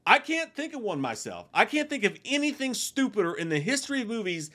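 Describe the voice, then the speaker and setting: A man with a high voice that swings wildly up and down ranting about a film in a casual review. He swears constantly and his tone lurches between amused and outraged. His rough, unpolished delivery stays loud and lively. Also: brisk. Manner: animated, swearing, mocking impressions, laughs often. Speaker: movie review host. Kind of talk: casual profane movie rant.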